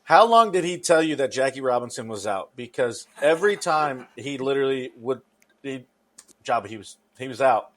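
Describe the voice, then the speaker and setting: A man's voice: mid-range voice, lively intonation, moderate pace. A man hosting a casual chat, asking a guest questions in a playful, teasing way. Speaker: podcast host.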